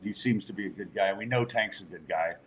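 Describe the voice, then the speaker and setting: A man's voice: on the low side, brisk, background noise. A man hosting a sports podcast, chatting casually in a loose, joking way with lots of fillers. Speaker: podcast host.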